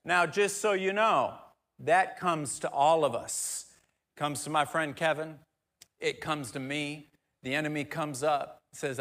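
A man preaching a sermon through personal stories, dropping to a soft near-whisper for emphasis. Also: medium pitch, slow pace.

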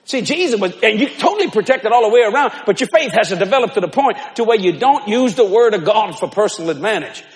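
An older man preaching a sermon to a congregation in folksy storytelling style, building up to shouts. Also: sits high, expressive, fast, few pauses. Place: large church hall with congregation. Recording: reverberant church hall with crowd.

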